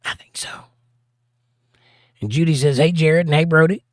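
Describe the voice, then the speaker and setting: A man's voice: fairly high pitch, normal speed, no room sound, studio quality. Joking man reading live chat aloud. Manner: joking, reads viewer comments aloud with playful asides. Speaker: livestream host.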